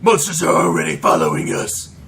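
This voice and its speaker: A man's voice: a bass voice, huge pitch swings, a little fast, a bit bright, voice pushed down, full character voice. A man voicing a desperate father reading out his urgent journal entries.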